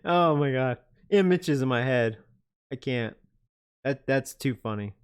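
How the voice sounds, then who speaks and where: Guy streaming late at night, talks slow, keeps cracking up laughing. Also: mid-range voice, animated, smooth. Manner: giggly, laughs through his words. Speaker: live streamer. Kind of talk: casual livestream chat.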